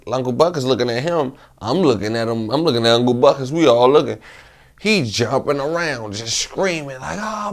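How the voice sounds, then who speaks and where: Gravelly man telling a street story. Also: mid-range voice. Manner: animated, rambling, repeats himself, slang-heavy. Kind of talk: casual storytelling to camera.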